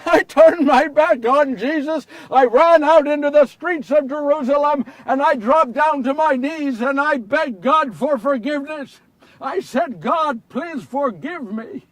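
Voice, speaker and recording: An actor playing the remorseful apostle Peter in a confessional first-person monologue, moving between hushed and impassioned. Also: male voice, very high voice, a little slow, dry recording, far from the mic. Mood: anguished. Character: Simon Peter, remorseful grown man apostle. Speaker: actor in a one-man biblical portrayal.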